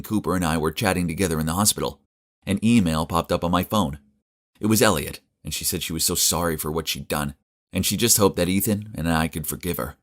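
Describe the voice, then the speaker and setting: A young man with a very low, deep voice tells an animated first-person story. His narration is earnest, emotive, and clearly scripted.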